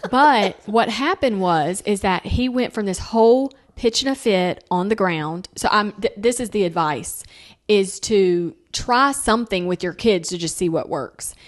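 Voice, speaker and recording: A young woman hosts a relaxed family chat and tells stories with lots of energy. Her middle-range voice swings up and down as she acts out what people said. The talk is easy and conversational. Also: medium pitch, a little slow, hardly any pauses. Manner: animated storyteller, acting out quotes in sing-song voices. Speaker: podcast host.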